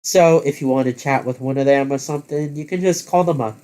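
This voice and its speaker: A man's voice: medium pitch, brisk, warm tone, close to an everyday voice. A man voicing a helpful young crew planner in a matter-of-fact, slightly raised voice.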